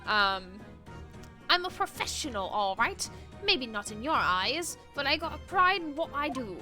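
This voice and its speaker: A woman's voice: high-pitched, sing-song, unhurried, sharp tone, voice pushed up, heavily acted. A woman voicing a brash teenage girl pickpocket in a put-on Cockney accent, with game music behind. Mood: cocky. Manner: brash, defiant. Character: cocky teenage girl pickpocket, street-smart.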